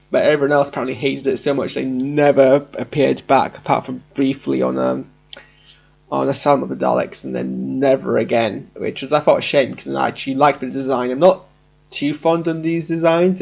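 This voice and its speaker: Gravelly West Yorkshire man, rambling. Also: medium pitch, a little mellow. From Yorkshire, England. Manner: rambling, hesitant, repeats filler phrases and stammers. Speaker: YouTube reviewer. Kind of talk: live trailer reaction commentary.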